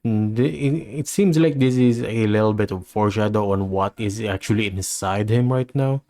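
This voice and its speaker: Chatty low-voiced man reacting to a video. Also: moderate pace, warm tone. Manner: musing, chatty, restarts, laughs often. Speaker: reaction channel host. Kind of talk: casual reaction commentary.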